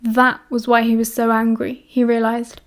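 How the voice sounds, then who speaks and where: A woman narrating a fan-fiction audiobook in a steady, even reading voice. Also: a little high, moderate pace.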